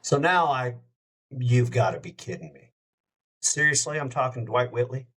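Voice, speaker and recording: A man who hosts a radio show, telling a story in a casual, lively way as a podcast guest. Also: medium pitch, moderate pace. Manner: lively anecdote-telling, acts out quoted dialogue.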